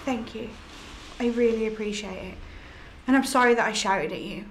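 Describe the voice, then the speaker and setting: A woman's voice: on the high side, normal speed, slight background noise, natural voice. An actress playing the ghost of a murdered young woman, anguished and swearing in outbursts. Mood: grateful. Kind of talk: film drama acting.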